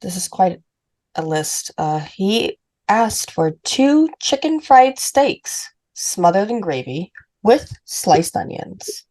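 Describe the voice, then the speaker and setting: A woman from Puerto Rico co-hosting a casual true-crime podcast, chatty and animated, often breaking into laughter. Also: mid-range voice. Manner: animated, laughing, quick asides. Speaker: podcast co-host. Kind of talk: casual chat.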